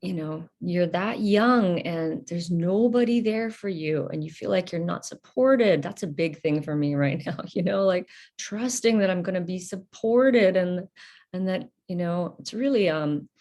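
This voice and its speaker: A woman hosting a podcast, talking through personal reflections in a soft, halting, introspective way with many fillers and restarts. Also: on the low side. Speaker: podcast host.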